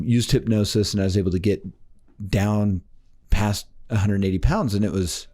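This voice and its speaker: A life coach interviewed for a podcast tells a story and animatedly impersonates the people in it. His quoted voices come with big pitch jumps.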